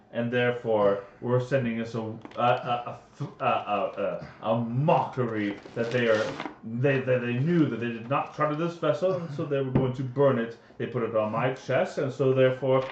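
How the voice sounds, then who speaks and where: A man's voice: medium pitch, slight background noise. A man playing a tabletop role-playing game in character, talking in an indignant, theatrical, blustering way. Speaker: player. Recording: dull, roomy home recording.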